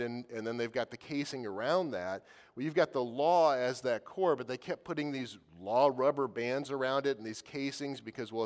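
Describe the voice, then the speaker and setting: Guy preaching casual-like, stumbles and repeats words, long echo from the hall. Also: mid-range voice. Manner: conversational, repeats words while thinking. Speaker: pastor. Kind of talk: sermon.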